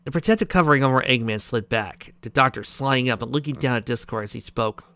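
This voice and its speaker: A man's voice: medium pitch, quick pace, fairly bright tone, smooth, dry recording. A man reading a fan fiction story aloud and breaking off into sarcastic commentary. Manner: sarcastic, ranting asides.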